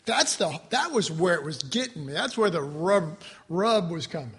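A man with a fairly high voice teaches a Bible class at normal speed. His delivery is an animated, conversational sermon style, with asides to his listeners.

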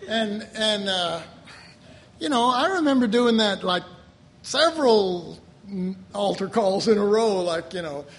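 A man preaching a sermon, animated, acting out quoted voices with sudden exclamations and chuckling often as he talks. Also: sits high, unhurried. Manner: chuckles often while talking.

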